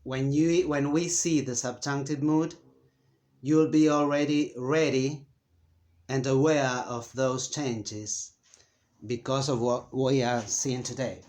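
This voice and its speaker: A man teaching a Spanish grammar lesson in English, speaking slowly and deliberately with frequent fillers and pauses. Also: mid-range voice, steady tone, darkish tone. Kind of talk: slow, careful grammar lesson. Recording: echoey room.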